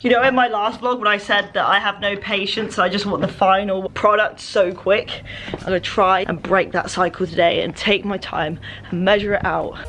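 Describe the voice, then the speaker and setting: A young woman with an English accent chatting casually in a vlog, self-deprecating and jumping into high excited tones. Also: moderate pace, soft background music. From England. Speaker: vlogger.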